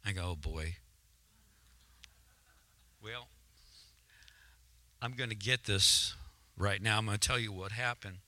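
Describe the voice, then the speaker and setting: A guest preacher in a church sanctuary gives a sermon testimony, growing emotional and building to fervent, rising exclamations. His voice is on the low side and sharp in tone, slow with long pauses. He uses a handheld mic that he sometimes holds away.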